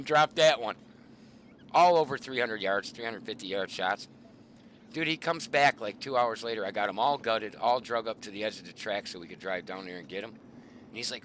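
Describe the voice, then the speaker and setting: A middle-aged man, the host, casually telling hunting stories in a profane, animated way. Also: medium pitch, normal speed, a little hiss or hum. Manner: profane, animated, swearing often. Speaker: show host.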